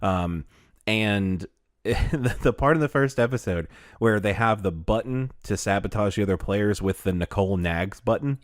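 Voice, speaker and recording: A man co-hosting a podcast rambles in casual chat, restarting his sentences many times and laughing often. His voice is fairly low and moves at normal speed, with dry, clean studio sound.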